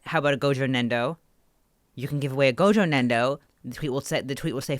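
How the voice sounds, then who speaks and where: A woman co-hosting a podcast, telling a story in an animated, ranting way with swearing, close to her microphone. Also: rumbling low, quick pace, no echo. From Canada. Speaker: podcast co-host. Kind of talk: casual podcast chat. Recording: dry close-mic sound.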